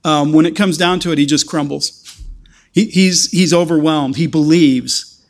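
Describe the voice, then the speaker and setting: A man preaching a sermon, earnest and halting, with frequent restarts that build to emphatic stretches. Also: a little high, fairly even intonation.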